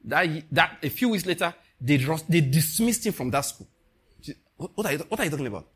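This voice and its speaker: A Nigerian man preaches with high, husky energy. He laughs often and swings between hushed asides and loud, soaring exclamations. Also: animated, a little fast. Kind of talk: sermon.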